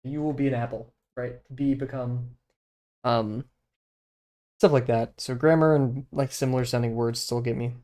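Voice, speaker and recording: Speaking at a moderate pace with fairly even intonation, a young adult man with a warm, medium-pitched voice streams himself drawing. The casual talk rambles with plenty of fillers, and he mutters to himself as he sketches.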